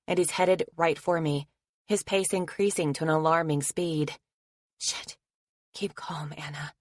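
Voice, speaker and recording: A woman's voice: on the low side, no echo, clean studio sound. A woman narrating a romance audiobook in the first person, with tense, intimate storytelling.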